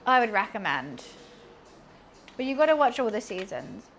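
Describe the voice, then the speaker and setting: A woman's voice: mid-range voice, sing-song, moderate pace, fairly bright tone, soft background music. A young woman chatting casually while cleaning and cooking in her home kitchen, rambling and humming to herself. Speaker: streamer.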